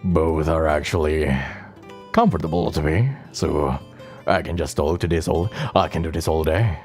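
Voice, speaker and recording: A young man from Indonesia, chatting casually and playfully as a streamer answering viewer questions, with tiny guitar music behind him. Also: normal speed. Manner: playful, teasing, often jumps into a high excited voice. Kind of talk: casual chat. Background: faint guitar music.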